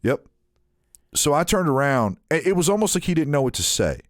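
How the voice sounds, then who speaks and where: A man on a podcast telling a story in casual chat, animated and acting out the people in it. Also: fairly high pitch, brisk, dry recording, studio quality. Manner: animated, acts out quoted people in shifting voices. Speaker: podcast co-host.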